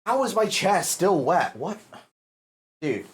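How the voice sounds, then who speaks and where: A man's voice: high-pitched, sing-song, slow pace. A male livestreamer chatting casually to his viewers, exasperated and swearing a lot as he cleans up.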